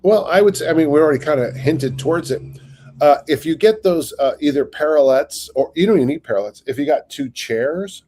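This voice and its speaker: A man's voice: a little high, expressive, brisk, mellow, a little hiss or hum. An older man, a strength coach, rambling through stories and acting out little quotes in casual podcast talk. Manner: rambling storyteller, acts out quotes.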